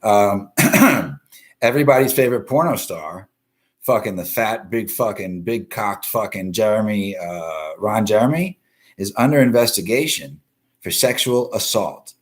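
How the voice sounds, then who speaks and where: Man, fairly low voice, live-stream host, profane, blunt, talks to commenters. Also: lively intonation, a little slow. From East Coast of the US. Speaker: livestream news show host.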